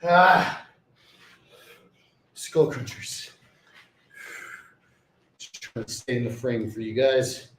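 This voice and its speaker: Speaking very slowly with long pauses, a man with a mid-range, slightly bright voice and lively intonation vlogs his gym session in casual, profane talk. He psyches himself up between sets, sometimes winded, in an echoey room with a little hiss or hum.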